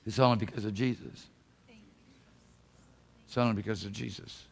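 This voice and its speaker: A man preaching a sermon as pastor of a church, fervent, swinging from hushed passages to shouted calls. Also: fairly low pitch, fairly even intonation, normal speed, creaky. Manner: acts out quoted voices of God. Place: church sanctuary.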